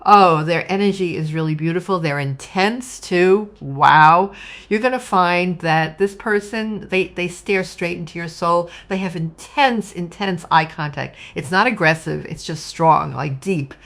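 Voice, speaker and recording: A woman giving a casual spoken tarot reading, animated and acting out quoted voices. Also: moderate pace, hardly any pauses. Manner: animated, acts out quoted voices with sudden pitch jumps. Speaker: tarot reader.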